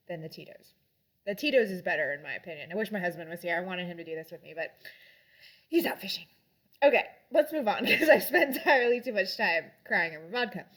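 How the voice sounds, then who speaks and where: A woman's voice: medium pitch, fairly bright tone. Chatty young woman with rambling fillers. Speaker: vlogger reviewing drinks and books. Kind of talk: casual chat.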